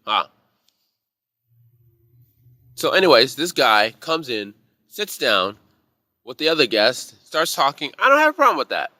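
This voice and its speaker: A man's voice: medium pitch, big pitch swings, a little slow, long pauses, pushed and bright, no room sound. A man teaching a casual live class on intuition, telling rambling, profane stories from his bar job in a heated way.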